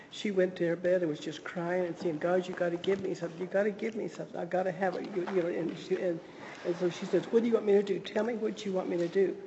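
A woman guest sharing a personal faith story, earnest and halting, with frequent restarts. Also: on the low side, warm tone, long reverb tail, dull audio, slight background noise.

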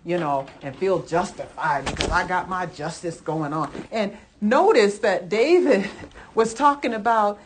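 A woman preacher giving a Sunday sermon, emphatic, acting out heated prayers and then settling into calm teaching. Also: on the low side, measured pace, slight background noise. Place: church service.

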